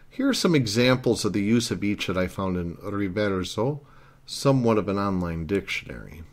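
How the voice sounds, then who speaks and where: A man's voice: on the low side, sing-song, normal speed. A man narrating a language lesson, explaining grammar earnestly and step by step. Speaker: Italian language teacher.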